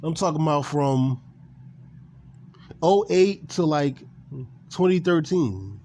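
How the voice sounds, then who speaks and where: Guy ranting hard about wrestling, kinda high voice, swears a lot, faint hiss behind. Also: slow pace. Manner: animated, ranting, swears, repeats himself. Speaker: gaming and wrestling commentator. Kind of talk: casual opinion rant.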